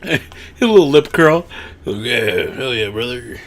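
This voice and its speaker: A man hosting a live watch-along stream, reacting with excitement, gasps and laughter. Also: mid-range voice, takes it slowly. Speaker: livestream host.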